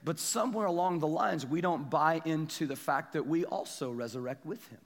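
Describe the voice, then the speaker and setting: A man preaching a sermon as pastor, animated, moving between loud emphatic peaks and quiet low asides. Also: normal speed, gravelly, in a large hall.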